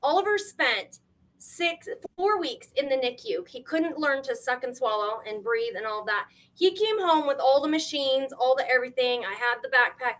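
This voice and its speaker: A middle-aged woman, a grandmother, telling her story as a guest on a live stream, animated and emotional, acting out what people said. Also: sits high, moderate pace. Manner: animated, tearful at times, quotes people in shifting voices.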